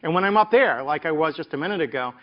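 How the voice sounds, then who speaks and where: A man's voice: fairly high pitch, lively intonation, quick pace, highs cut off. A middle-aged man from the American South, a professor telling stories from his career in an interview, with the rising cadences of a preacher. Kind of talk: reflective interview talk.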